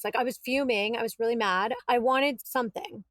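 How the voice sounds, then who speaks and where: A woman, a podcast guest, telling her story in a casual, animated way and acting out what was said. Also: a little high, fairly quick, dry recording. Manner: animated, quotes herself and others, exasperated retelling.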